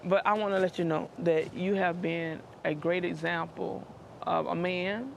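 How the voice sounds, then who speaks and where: Gravelly earnest middle-aged woman. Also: on the low side, fairly even intonation, measured pace, a little hiss or hum. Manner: earnest, emotional, preacher-like repetition. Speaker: mother speaking to her adult son. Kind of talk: heartfelt conversation.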